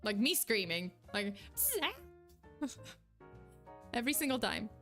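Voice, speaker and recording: A young woman chatting casually on a live stream, reacting to chat with quick, giggly, animated replies. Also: mid-range voice, faint music behind.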